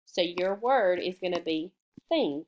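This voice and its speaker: A woman teaches young children remotely, patiently sounding out words slowly in a sing-song way and answering her own questions. Her voice is on the low side, expressive and a little mellow.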